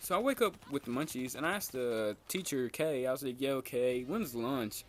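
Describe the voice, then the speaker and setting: A young man is telling a story from his school days. His pitch is average, and he speaks in a loose, slangy way that is full of swearing. He keeps the story going with lots of filler words, and his voice leaps up when he acts out quoted lines. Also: lively intonation, normal speed, slight background noise. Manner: laid-back slangy storytelling, swears a lot, jumps high for quoted lines. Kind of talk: casual storytelling.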